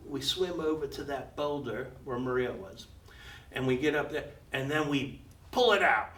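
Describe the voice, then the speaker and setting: A man's voice: a little high, moderate pace, a bit bright. An older man telling a personal adventure story to a live audience, chuckling often and acting out the voices of the people in it. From United States. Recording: roomy, slightly distant, faint background hum.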